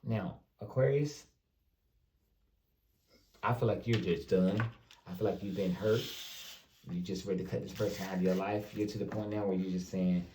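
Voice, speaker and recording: A man's voice: deep voice, fairly even intonation, moderate pace, long pauses, dark tone. A man giving a casual tarot reading, speaking loosely and straight to his viewers, often repeating himself. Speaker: tarot reader. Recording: roomy, distant mic with faint noise.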